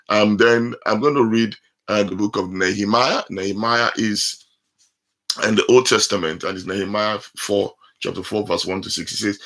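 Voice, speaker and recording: A pastor preaching a sermon, explaining scripture line by line with many fillers. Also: male voice, on the low side, fairly bright tone.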